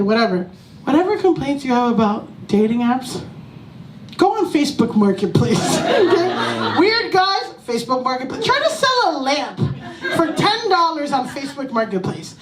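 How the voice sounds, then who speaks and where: A woman performing a profane, animated stand-up comedy set on a small club stage. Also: sits high, moderate pace, heavy background noise. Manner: profane, animated, breaks into laughter. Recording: echoey room, mic from a distance.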